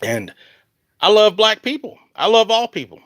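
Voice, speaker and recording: A man's voice: sits high, big pitch swings, moderate pace, fairly bright tone, no room sound. A man from the American South with a Southern accent, ranting casually on a phone livestream outdoors, rambling and restarting as he gets worked up. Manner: rambling, heated, restarts often. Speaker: country singer on a livestream. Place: outdoors in the heat. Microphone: phone at arm's length.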